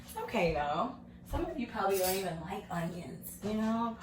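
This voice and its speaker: A woman's voice: medium pitch, expressive, normal speed. A woman hosting her own home cooking show, chatting in an upbeat way and talking straight to her viewers as she cooks in her kitchen. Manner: chatty and upbeat, talks to viewers as "you guys". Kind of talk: casual cooking vlog chat. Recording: echoey room with noticeable background noise.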